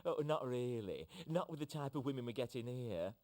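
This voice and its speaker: An actor voicing a dreamy, lovesick barber in a video game, wistful and sighing. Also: male voice, medium pitch, lively intonation, moderate pace, darkish tone, close to an everyday voice. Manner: wistful, sighing, swooping delivery.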